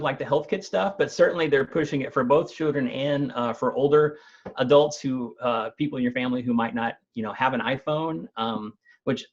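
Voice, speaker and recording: A man, a company's technical chief, explaining new gadgets in a relaxed conversational way, with frequent fillers and restarts. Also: medium pitch, highs cut off. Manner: thoughtful, many fillers and restarts. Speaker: company CTO explaining tech news.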